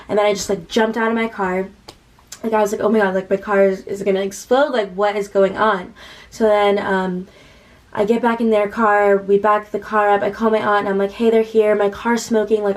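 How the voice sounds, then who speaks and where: A teenage woman vlogging a storytime, chatty and rambling, with "like" scattered through every sentence. She speaks at a mid pitch and replays conversations as quoted dialogue, one after another. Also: low-quality recording. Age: late teens. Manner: chatty, heavy use of "like", retelling with quoted dialogue. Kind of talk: casual storytime vlog.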